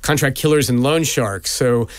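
A man's voice: mid-range voice, moderate pace, dry recording. Candid American man telling his story. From United States. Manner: candid storytelling with many fillers and restarts. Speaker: guest, lawyer and businessman. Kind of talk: radio interview.

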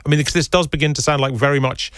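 A man presenting on radio, interviewing guests with brisk, conversational questions. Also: a little high, steady tone, a bit bright, smooth, dry recording.

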